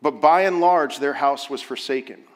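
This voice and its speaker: A man's voice: mid-range voice, normal speed. A male pastor preaching a sermon, earnest and building to urgent emphasis. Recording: long hall reverb.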